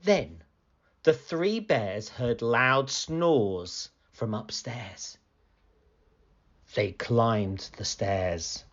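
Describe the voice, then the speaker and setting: A man reading a children's picture book aloud in an animated, expressive storytelling manner. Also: mid-range voice, extremely slow, muffled recording.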